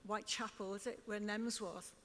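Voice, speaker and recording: An older woman from Liverpool, England is a storytelling interview guest on a club stage, often laughing while she performs other people's lines for the audience. She has a medium pitch, fairly even intonation, and a normal speed, and the recording carries long hall reverb.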